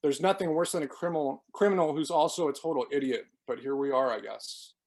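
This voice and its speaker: A man's voice: a little high, brisk, a little mellow, lightly acted. A man reading aloud, voicing a cornered, bitter woman who lashes out sarcastically. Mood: sarcastic fury. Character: furious sobbing woman, cornered.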